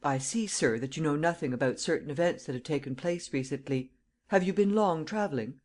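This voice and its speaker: A narrator reading the lines of a composed, middle-aged police chief who questions calmly and firmly. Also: male voice, a little high, brisk, natural voice. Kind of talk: audiobook character voice.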